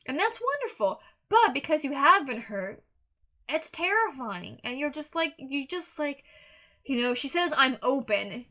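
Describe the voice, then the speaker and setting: Young woman, music reaction host, earnest and rambling; slightly high, bright voice. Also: big pitch swings, unhurried. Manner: rambling, earnest, with frequent restarts and fillers. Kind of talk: casual song review monologue.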